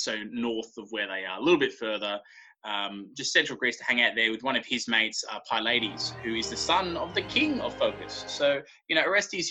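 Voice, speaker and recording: Aussie podcast co-host, laid-back slangy storyteller, very bright sharp tone. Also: male voice, mid-range voice, low-quality recording. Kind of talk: casual storytelling chat.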